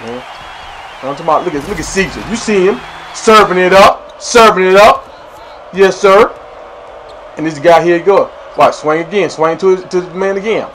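Young man, high voice, slangy hype commentary, playful, faint background hum. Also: fairly bright tone. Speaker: gameplay commentator. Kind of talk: casual game commentary.

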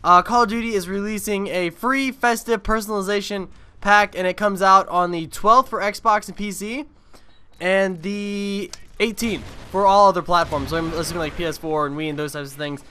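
A man's voice: sits high, steady tone, moderate pace, sharp tone, clear, resonant tone. A young man giving casual gameplay commentary on his own video, rambling and swearing freely. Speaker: gaming video creator.

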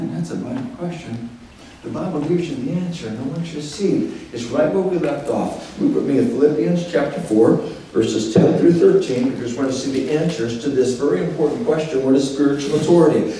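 A man's voice: on the high side, warm tone, recorded from a distance. A male pastor preaching a sermon, emphatic, repeating key phrases and asking rhetorical questions. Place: church sanctuary. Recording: very echoey church hall, voice from off-mic, faint room noise.

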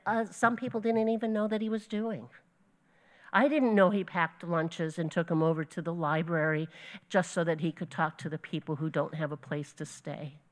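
A woman teaching a Bible lesson to her group, earnest and storytelling, with small slips she corrects as she goes. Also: on the low side. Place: church gathering.

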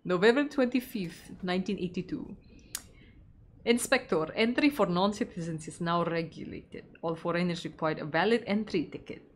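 A woman with an Indonesian accent streaming a game, casually chatting, reading the game text aloud and breaking into excited shrieks. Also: on the low side, moderate pace, a little hiss or hum. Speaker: VTuber streamer. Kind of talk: casual gameplay commentary.

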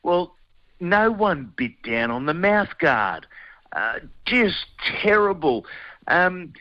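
A man's voice: on the high side, sing-song, slow pace, no echo, highs cut off. Blunt Australian man talking sport. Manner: blunt, colloquial, says mate a lot. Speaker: guest sports broadcaster. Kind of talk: casual radio sports chat.

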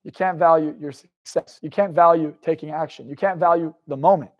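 A young man with a slightly high-pitched voice gives a live motivational talk. He tells a raw personal story with intensity and swears freely. He keeps turning to the audience with questions. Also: fairly even intonation, a little fast, lo-fi sound. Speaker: motivational speaker.

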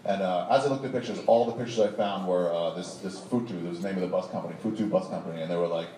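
A man's voice: deep voice, very fast, warm tone. A man telling a rambling, profane comic story on stage, laughing along as he goes. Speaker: stand-up storyteller. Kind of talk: live comedic storytelling. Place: live show venue with audience. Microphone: distant audience recording. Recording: echoey distant live room recording with noise.

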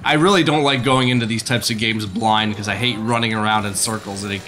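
A man's voice: lowish voice, steady tone, fairly quick, bright, forceful tone. A man co-hosting a let's play, chatting casually, laughing often and swearing freely as he reacts to the game. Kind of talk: casual gaming banter.

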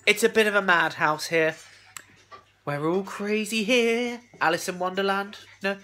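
A man talking casually into a handheld camera for his travel vlog, excitable and swearing freely. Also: sits high, unhurried. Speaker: vlogger.

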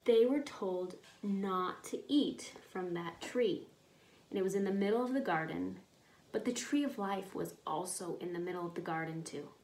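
Woman teaching kids in an echoey room. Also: medium pitch. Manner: patient, questioning, kindly explanatory. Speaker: children's church teacher. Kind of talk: children's Bible lesson.

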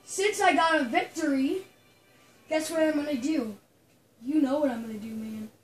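A woman giving casual gameplay commentary at home, excitable and prone to sudden shrieks and yells. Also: sits high, moderate pace. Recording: roomy echo, faint music.

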